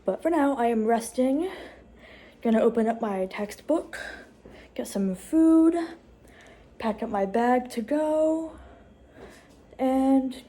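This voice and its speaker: A young woman, a college student, talking casually in a vlog from her dorm room, chatty with restarts and quick asides. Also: on the high side, lively intonation, dark tone. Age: young adult.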